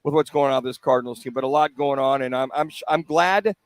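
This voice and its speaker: A man's voice: mid-range voice, quick pace, no echo. A man co-hosting a live sports radio show, chiming in with eager, agreeable banter.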